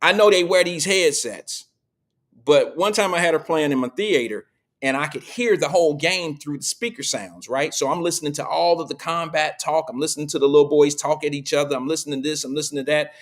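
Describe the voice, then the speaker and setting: A man's voice: on the high side, fairly quick. A middle-aged man hosting a live show, telling stories and preaching in a casual, slangy monologue to his audience.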